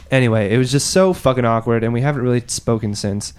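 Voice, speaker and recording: A man's voice: mid-range voice, expressive, a little fast, hardly any pauses. Profane man telling a story. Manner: swearing, acts out quotes in a raised voice. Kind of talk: casual storytelling chat.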